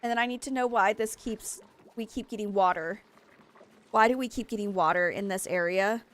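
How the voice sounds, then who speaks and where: A young woman streaming a game, frantic and excitable, laughing at her own stress. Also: medium pitch, moderate pace. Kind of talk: gameplay commentary.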